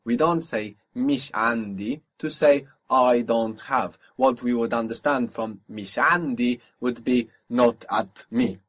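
A man's voice: medium pitch, fairly even intonation, measured pace, few pauses. A man teaching a spoken language lesson, patiently asking for phrases, repeating each answer back and explaining pronunciation.

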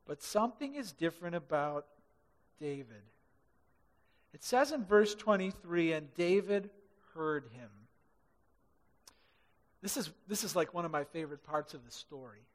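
A man preaching a sermon to a congregation, animated, acting out quoted voices and swinging from loud to hushed. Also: on the high side, unhurried, long pauses, in a large hall. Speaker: pastor. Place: large church hall.

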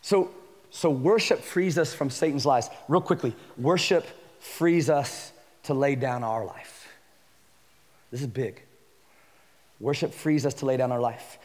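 A male pastor preaching a sermon, animated, acting out scripture quotes and breaking into shouts. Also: medium pitch, big-room sound. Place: church sanctuary.

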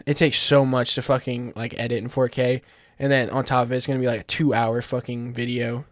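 A man's voice: medium pitch, level tone, a little fast, a little hiss or hum. A young man hosting a casual podcast chat, laid-back and joking, laughing a lot. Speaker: podcast host.

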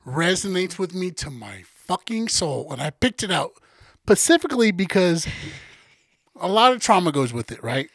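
Brief: young male co-host, high light voice, profane joker, dead-dry close recording. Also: normal speed, gravelly, no room sound. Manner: profane, joking, tells stories with animated quoted voices. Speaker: podcast co-host. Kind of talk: casual podcast banter.

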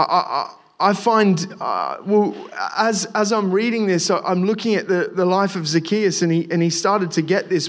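With a high-pitched voice, a young man gives an informal sermon, speaking directly to listeners with many restarts and repeated words.

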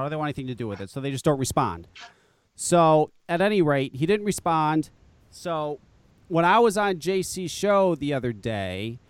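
A man's voice: on the high side, smooth, no room sound. A man hosting a podcast, telling a profane story in a casual chat and acting out what people said. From northern US. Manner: profane, animated storyteller who acts out quotes. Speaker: podcast host.

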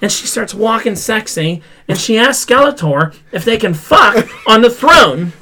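A young man with a fairly high-pitched voice hosts a casual pop culture podcast. He recaps what he watched in an animated, exasperated way, peppering his talk with "like" and profanity. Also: measured pace. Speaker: podcast host.

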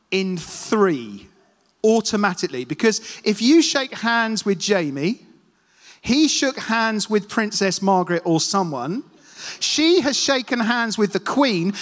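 A man's voice: sits high, fairly bright tone. A man preaching a casual sermon, telling self-deprecating stories and asking the congregation questions. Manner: chatty, self-deprecating storyteller, talks to the congregation. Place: church hall. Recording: long hall reverb.

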